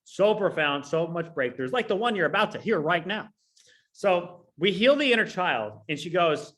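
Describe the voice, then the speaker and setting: A man in his thirties from California, telling a personal story in a casual, profane, rambling way, on a low-quality recording. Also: animated, moderate pace, fairly bright tone. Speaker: online business coach.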